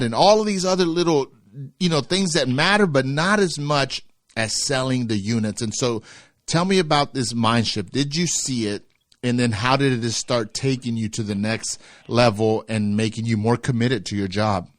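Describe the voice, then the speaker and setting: A man's voice: mid-range voice, normal speed, no room sound, clean studio sound. A man hosting a podcast, asking questions and summing up lessons reflectively. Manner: reflective, sums up lessons, short backchannels. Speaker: podcast host. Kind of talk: casual interview.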